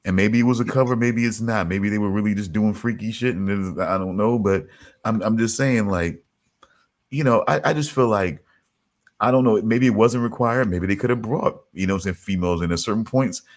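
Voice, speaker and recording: A man's voice: lowish voice, brisk. A man co-hosting a casual podcast chat, talking in a rambling, laid-back way with lots of restarts and repeated words. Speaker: podcast co-host.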